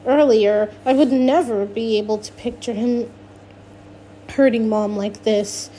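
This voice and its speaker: Woman reading a book out loud, kinda high voice, slow, fixes her own slips as she goes. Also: fairly even intonation, slight background noise. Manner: unpolished reading with restarts and self-corrections. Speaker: audiobook narrator. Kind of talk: first-person novel reading.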